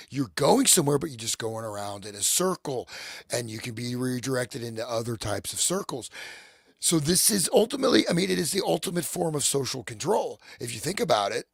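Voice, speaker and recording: A man with a gravelly, creaky voice and a sore throat talks over a remote call mic. He rambles and speculates, cutting himself off mid-sentence. The sound is dry and close. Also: mid-range voice, fairly bright tone, no echo. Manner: rambling, speculative, self-interrupting. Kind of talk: casual conspiracy discussion.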